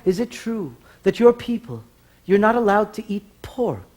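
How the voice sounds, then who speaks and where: A man's voice: high-pitched, big pitch swings, moderate pace, darkish tone. A man voicing a curious, coaxing priest in a stage joke. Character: curious male priest, confiding.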